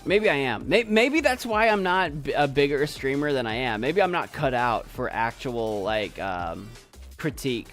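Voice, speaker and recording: Lively, self-doubting young male streamer. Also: medium pitch, normal speed, faint music behind. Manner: rambling, self-doubting, repeats himself. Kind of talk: casual live-stream chat. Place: home desk setup.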